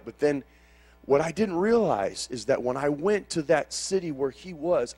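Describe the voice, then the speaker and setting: Male preacher, fervent sermon delivery, slightly high voice, storytelling from hush to loud.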